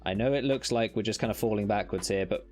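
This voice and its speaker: A man's voice: fairly low pitch, fast talker, a little mellow, soft background music. A British man chatting casually with his live-stream audience while gaming, self-mocking and swearing at the game now and then. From United Kingdom.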